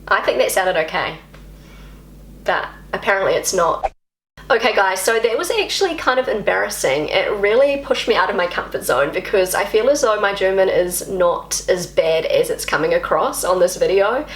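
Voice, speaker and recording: A woman's voice: mid-range voice, expressive, moderate pace, a little hiss or hum. Brief: chatty woman vlogger, native English speaker, self-mocking, in a roomy space. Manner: self-deprecating, chatty, repeats words while practising. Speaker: language vlogger. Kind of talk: casual talk to camera.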